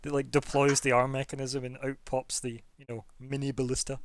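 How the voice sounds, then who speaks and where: A man's voice: medium pitch, flat delivery, brisk. A man narrating as game master, rambling with many fillers and frequent laughs.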